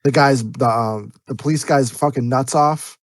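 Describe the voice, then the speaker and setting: A man's voice: medium pitch, moderate pace, dry recording. A man co-hosting a movie review podcast, explaining at length with many stops and restarts. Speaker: podcast co-host. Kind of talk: casual movie review chat.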